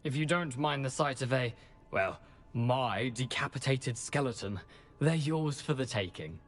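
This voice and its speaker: A man's voice: medium pitch, expressive, unhurried. An actor voicing a wry, self-mocking male ghost of a former student in a video game. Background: game music.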